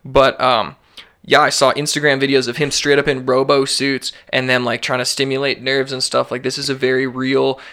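A man hosting a relaxed podcast, chatting in an easygoing, slangy way. His voice is bright and forward, with a smooth, crisp clarity. He fills his talk with "like" and casual asides. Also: medium pitch, normal speed. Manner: laid-back slangy talk with frequent "like". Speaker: podcast host.

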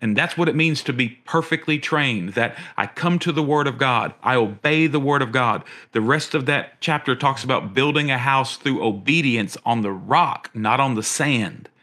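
Male pastor, middle-aged, earnest sermon, repeats himself, questions rise high. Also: moderate pace, hardly any pauses, pushed and bright. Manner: earnest, repeats words, rises in pitch on questions.

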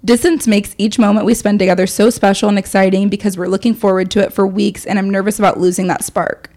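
A woman's voice: medium pitch, quick pace. Young woman co-host, casual storyteller, chatty podcast banter. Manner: animated storyteller, reads listener emails aloud. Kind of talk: casual chat.

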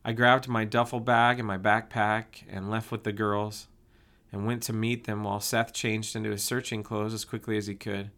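A man's voice: fairly low pitch, level tone, moderate pace, fairly bright tone. Man reading a first-person story. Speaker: audiobook narrator.

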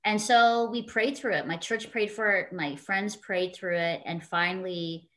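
A woman's voice: mid-range voice, unhurried, a bit bright. A woman guest in an interview, telling a personal story in an earnest, heartfelt way with frequent fillers.

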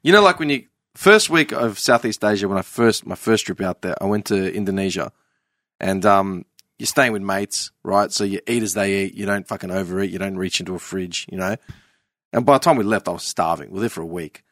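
A man's voice: low voice, brisk, a bit bright, no room sound, studio quality. A man in his thirties telling brash travel stories in casual chat, swearing heavily. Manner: brash storytelling, heavy swearing.

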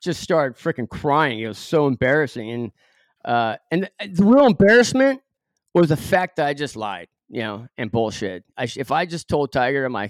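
A man's voice: medium pitch, expressive, normal speed, no room sound, clean studio sound. A middle-aged man from Southern California, a podcast guest telling a story with many fillers and acted-out quotes. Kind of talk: storytelling in an interview.

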